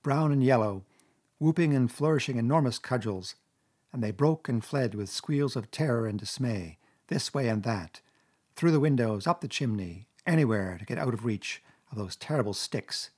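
A man narrating a classic children's story in a measured, expressive audiobook reading. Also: medium pitch, slightly rough.

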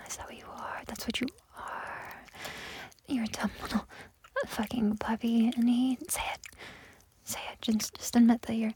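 A young woman in a whispered role-play, voicing a domineering, mocking character in a breathy close whisper that keeps repeating itself. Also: on the high side, darkish tone. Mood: taunting.

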